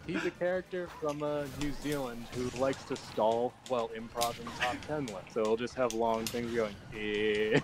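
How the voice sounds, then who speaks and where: A man's voice: mid-range voice, fairly even intonation, moderate pace, few pauses, background noise. A young man casually chatting while streaming a game, joking, riffing and swearing loosely. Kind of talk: casual gaming stream chat. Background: game music.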